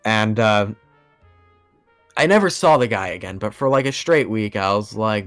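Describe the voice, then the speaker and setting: A man's voice: fairly low pitch, animated, moderate pace, long pauses, fairly bright tone, clear, resonant tone, faint music behind. A young man telling a long story on a podcast in casual chat, rambling with lots of fillers and laughing as he goes. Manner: rambling, laughing, acts out quoted voices. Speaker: podcast guest.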